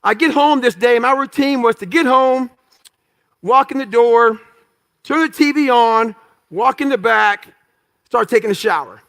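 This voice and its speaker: Guy with a really high voice telling his story to an audience, swears a lot, short punchy bits. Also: measured pace, pauses often, fairly bright tone. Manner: blunt and profane, acts out his own past thoughts; emphatic, punchy short phrases. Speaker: motivational speaker.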